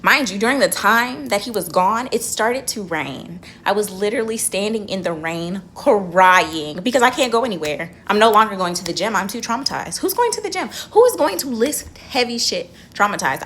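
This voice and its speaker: A young woman tells a story straight to her phone camera from her car, animated and dramatic, swearing freely. Her pitch sits in the middle of the range. A faint low rumble runs underneath. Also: moderate pace, hardly any pauses. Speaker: vlogger. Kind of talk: casual storytelling vlog.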